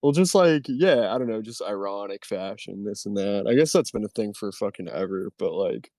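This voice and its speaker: A man's voice: fairly low pitch, expressive, moderate pace, mellow, no echo, clean studio sound. A young man hosting a casual podcast chat, laid-back, swearing casually and laughing often. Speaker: podcast host.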